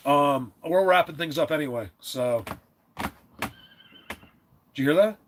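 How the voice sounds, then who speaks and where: A man hosting a live stream, chatting casually and rambling, often clearing his throat and restarting his sentences. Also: fairly high pitch, measured pace, a little hiss or hum.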